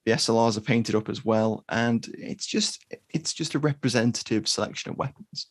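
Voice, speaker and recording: A man co-hosting a podcast, talking in a relaxed, thoughtful way with frequent pauses to think. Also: medium pitch, slightly rough, dry recording, clean studio sound. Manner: unhurried and thoughtful, with frequent ums. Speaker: podcast co-host. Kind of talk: casual chat.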